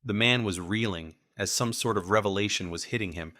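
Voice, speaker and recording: Deep-voiced male audiobook narrator. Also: fairly quick, sharp tone, no room sound, clean studio sound. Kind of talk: scripted first-person audiobook narration.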